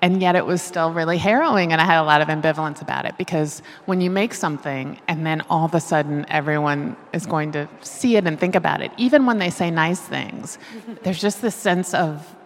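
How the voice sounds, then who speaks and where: A middle-aged woman with a low, grounded voice talks things through as an author in an interview. She is reflective and laughs often. Her voice trails into the long reverb of a hall. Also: brisk. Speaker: author guest. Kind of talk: conversational interview.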